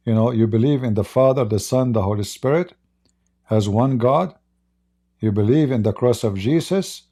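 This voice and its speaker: A man's voice: medium pitch, normal speed, warm tone. A man hosting a live-stream religious debate, preaching to callers and taunting challengers. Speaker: host.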